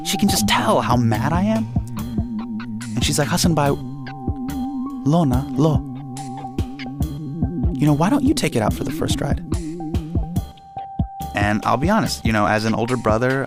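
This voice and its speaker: In an interview, a guest storyteller shares a personal story with a mid-range voice. He's animated, acting out quotes and sound effects as he goes.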